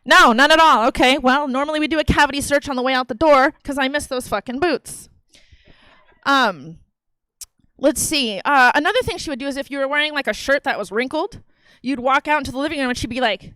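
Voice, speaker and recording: A woman's voice: high voice, brisk, fairly bright tone, clean tone, dry recording, poor audio. A woman in her thirties performing a profane, brash stand-up comedy set on a theater stage into a handheld mic. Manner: brash, profane, conversational delivery.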